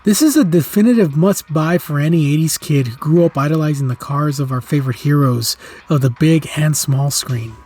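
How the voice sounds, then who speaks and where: A man's voice: fairly high pitch, moderate pace, mellow, slightly rough. A middle-aged man hosting a toy review channel, narrating from a script in an enthusiastic, nostalgic, earnest way.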